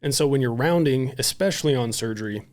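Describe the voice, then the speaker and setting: A man's voice: mid-range voice, lively intonation, quick pace, darkish tone. A man, a psychiatrist and podcast guest, telling stories casually and animatedly, swearing freely and acting out the dialogue. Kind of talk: casual storytelling.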